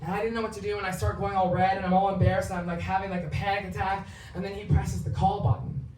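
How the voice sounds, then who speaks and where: A woman's voice: mid-range voice, level tone, fast talker, darkish tone. Woman, 30s, stand-up comic, confessional, profane, roomy echo, faint background noise. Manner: candid, profane, storytelling. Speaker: stand-up comedian. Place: theatre stage. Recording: roomy, distant live theatre recording.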